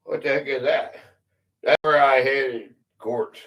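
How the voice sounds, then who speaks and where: A man's voice: medium pitch, takes it slowly, creaky, long pauses. A man hosting a live-stream quiz game, reading questions aloud, counting out letters and chatting with viewers by name in a casual, easily amused way. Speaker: quiz game livestream host.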